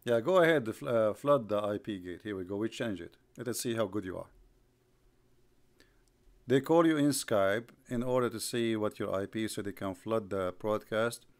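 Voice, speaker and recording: A man's voice: fairly low pitch, normal speed. A man hosting a live online broadcast, mocking his subject with sarcastic rhetorical questions, repetition and bursts of laughter. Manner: rhetorical, repeats himself.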